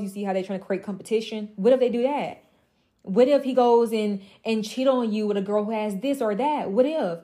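A young woman with a mellow, dark-toned voice delivers an impassioned motivational monologue to other women. She talks emphatically and repetitively, blunt and profane, slipping into mocking asides. Her pitch sits in an ordinary middle range. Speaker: women's mentor.

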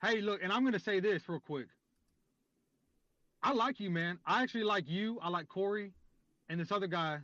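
A man with a notably high voice argues theology with a combative, sarcastic edge. The audio is dull and lo-fi, close and dry, as if through a modest mic. He keeps pushing his questions again and again. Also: normal speed, pauses often, sharp tone, no room sound. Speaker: debater. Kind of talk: heated theological debate.

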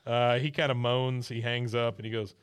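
A man hosting a podcast, casually recapping an episode with lots of chuckles and animated retelling. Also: medium pitch, normal speed, clear, resonant tone, no room sound. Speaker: podcast host.

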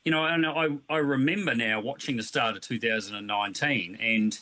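Guy on sports radio, jokey and loose, bright sharp voice. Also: medium pitch, brisk. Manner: jokey, relaxed, rambling. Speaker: radio co-host. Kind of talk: casual radio sports chat.

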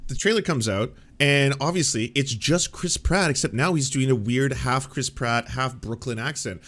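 A man on a podcast panel, chatting casually and retelling things with animated energy and frequent laughter. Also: medium pitch, moderate pace. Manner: animated storyteller, laughs often.

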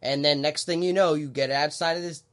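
A man hosting a podcast, explaining things in a relaxed, halting way with lots of fillers. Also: on the high side. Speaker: podcast host. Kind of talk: casual podcast chat.

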